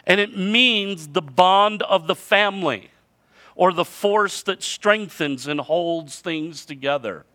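A man's voice: sits high, takes it slowly, sharp tone. A middle-aged man preaching a sermon in a conversational way, repeating words and building to emphatic points. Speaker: pastor.

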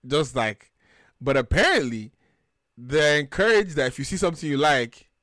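A young man from Nigeria with a Nigerian accent, telling stories in a lively, joking way as a podcast co-host. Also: fairly high pitch, moderate pace, no room sound, studio quality. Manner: animated, jokey, acts out quotes. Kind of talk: casual chat, storytelling.

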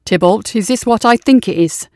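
A woman voicing a wounded, ashamed young male soldier who asks quiet, guarded questions. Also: medium pitch, moderate pace, no room sound, studio quality, close to an everyday voice. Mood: wary.

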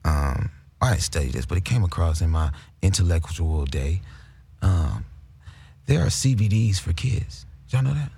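A man chatting casually, loose and rambling. His low voice is gravelly and a bit husky. His pitch swings widely as he talks. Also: animated, normal speed, warm tone. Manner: laid-back, rambling, puts on high and deep voices. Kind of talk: casual chat.

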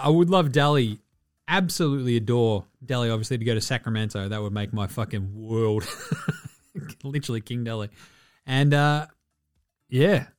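A man's voice: mid-range voice, no echo, clean studio sound. A man with an Australian accent hosting a casual sports podcast, rambling, joking and swearing freely. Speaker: podcast host.

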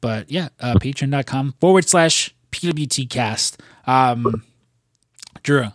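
A man's voice: mid-range voice, takes it slowly, no echo, studio quality. A man co-hosting a casual podcast, talking in a rambling way with lots of fillers and casual swearing. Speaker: podcast co-host.

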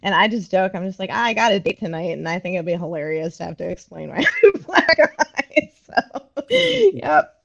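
Female podcast guest, lowish gravelly voice, dull lo-fi sound, candid and laughs a lot. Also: animated, normal speed. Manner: candid, laughs often, swears freely. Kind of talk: casual chat.

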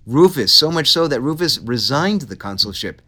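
A man hosting a casual history podcast, telling the story with animated, playful asides. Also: mid-range voice, moderate pace. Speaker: podcast host.

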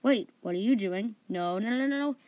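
A woman's voice: medium pitch, moderate pace, mellow, dry recording, clean studio sound, natural voice. A woman voicing a young man in a wild panic, shrieking at imagined goblins in a spoken story. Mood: panicked. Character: panicked young man Archie, frantic dreamer.

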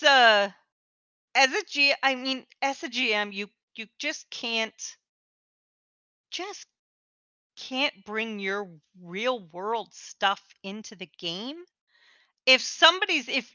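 A woman's voice: on the high side, sharp tone, no echo, dull audio. A woman co-hosting a podcast who runs tabletop games, talking frankly and giving firm opinions in casual chat. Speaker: podcast co-host and game master.

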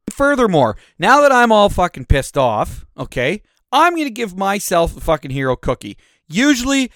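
A man delivers a solo podcast rant, cursing freely and jumping from loud outbursts to quieter grumbling. His voice sits a little higher than most men's. The recording is close and dry, with no room sound around it. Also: vocal fry, dry recording. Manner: profane, angry ranting with swings in volume. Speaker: podcast host.

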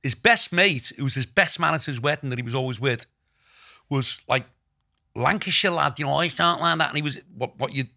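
A man's voice: medium pitch, fairly quick, vocal fry, sharp tone. A middle-aged Scouse man in casual podcast chat, telling long, rambling stories full of asides. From Liverpool, England. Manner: rambling storyteller with many asides.

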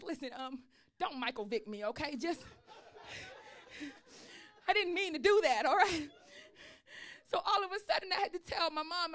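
A woman pastor preaching a sermon, telling a personal story in an animated way and calling out for response. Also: high voice.

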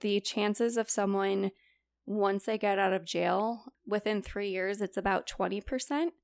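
A woman's voice: medium pitch, steady tone, unhurried, creaky, no room sound, studio quality. A young woman co-hosting a podcast, chatting casually and retelling stories with quoted dialogue and lots of "like" fillers. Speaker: podcast co-host presenting a report. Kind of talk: casual chat.

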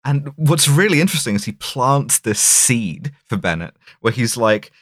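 A man's voice: mid-range voice, very animated, normal speed, a bit bright, dry recording, studio quality. A man co-hosting a podcast, rambling through a film discussion with many fillers and restarts. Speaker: podcast co-host.

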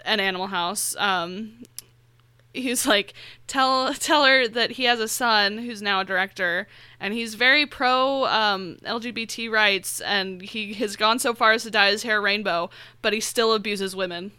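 A woman co-hosting a movie podcast, talking bluntly and laughing often. Her voice is bright and crisp. The sound is dry and close. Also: mid-range voice, dry recording. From United States. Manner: blunt, laughing, quick to swear. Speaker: podcast co-host. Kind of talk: casual chat.

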